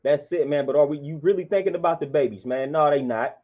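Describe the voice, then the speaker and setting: A man's voice: on the high side, fast. A man, delivering an impassioned monologue in a preachy, repetitive, emphatic way. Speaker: vlogger. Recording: dull lo-fi sound.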